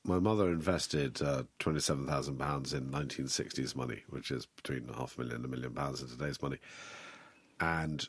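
A man being interviewed, speaking in a dry, wry and measured way about his late father. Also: a bass voice, fairly even intonation, husky, no echo. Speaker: interview guest. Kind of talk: reflective interview talk.

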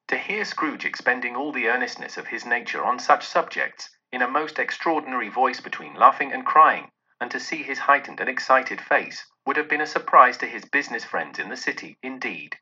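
A man reading a classic story aloud in a dramatic, expressive narration. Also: brisk, few pauses, husky. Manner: dramatic, with many shifts in pitch and loudness. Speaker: audiobook narrator. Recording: dull lo-fi recording.

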